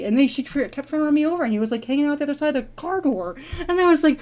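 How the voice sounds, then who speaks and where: A woman's voice: high voice, animated, quick pace, hardly any pauses, darkish tone. A woman vlogger telling a long story in a casual, rambling, giggly way while she plays a game. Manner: rambling, giggly, with many fillers and restarts. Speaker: gaming vlogger.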